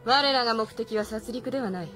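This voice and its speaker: Actress playing a commanding anime warrior princess, rapid formal orders, faint score behind. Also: female voice, fairly high pitch, a bit bright, faint music behind, close to an everyday voice. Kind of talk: Japanese anime film dialogue.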